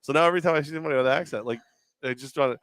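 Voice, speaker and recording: A man's voice: a little high, very fast, fairly bright tone, no echo. A man co-hosting a sports radio show, joking and rambling in casual talk. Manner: rambling, joking, many restarts.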